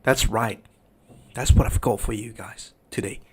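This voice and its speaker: Slow, emphatic man. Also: fairly low pitch, steady tone, husky. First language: Spanish. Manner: emphatic, often asks "right?". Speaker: livestream host. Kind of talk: casual commentary.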